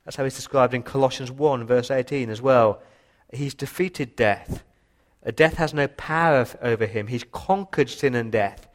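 A man preaching a sermon with passion, his voice rising for emphasis and dropping low for quiet points. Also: moderate pace. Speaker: pastor.

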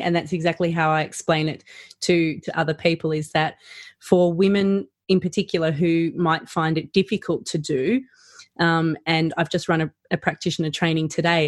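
A woman's voice: on the low side, dry recording, clean studio sound. A woman who trains practitioners, talking in a casual chat and acting out firm voices as she explains.

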